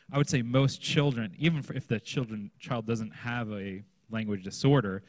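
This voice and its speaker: A man's voice: mid-range voice, no room sound. Guy leading a church workshop, keeps asking "right?", dry close sound. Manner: conversational, often checks in with "right?". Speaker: children's pastor. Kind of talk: teaching a workshop session. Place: conference room.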